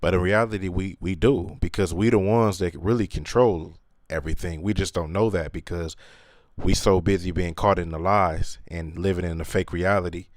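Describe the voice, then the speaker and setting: A man's voice: low voice, fairly even intonation, moderate pace, no echo. A man hosting his channel in a casual, earnest monologue, talking slangy with many fillers. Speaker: channel host.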